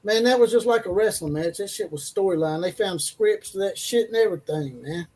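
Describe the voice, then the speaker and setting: A man's voice: high voice, lively intonation, a little fast, a crowd in the background. A man on a casual sports talk panel over a remote call mic, blunt, joking and profane.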